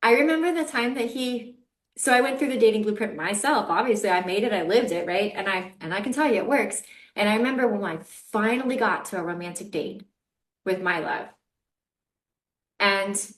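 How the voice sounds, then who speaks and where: A middle-aged woman, a dating coach hosting a podcast, talking candidly in an animated, emphatic way and laughing often. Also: mid-range voice, a little fast. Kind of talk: candid conversational chat. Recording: echoey room.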